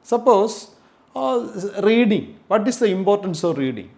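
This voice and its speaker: Emphatic Indian English teacher, higher voice. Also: male voice, very animated, a little slow, gravelly, a little mellow. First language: Malayalam. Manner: repetitive, emphatic, spells words out letter by letter. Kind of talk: classroom lecture.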